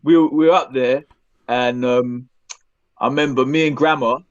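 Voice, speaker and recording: A man telling animated stories as a podcast co-host, often tagging his lines with questions. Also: medium pitch, moderate pace, no room sound, lo-fi sound. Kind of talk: casual chat, storytelling.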